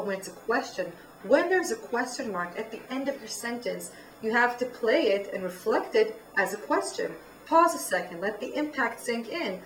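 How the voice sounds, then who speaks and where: A woman's voice: mid-range voice, fairly bright tone, a little hiss or hum. A woman giving public speaking feedback in an instructive tone, showing how to deliver lines. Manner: instructive, demonstrates delivery by example. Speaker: presentation coach. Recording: echoey room, voice from far off.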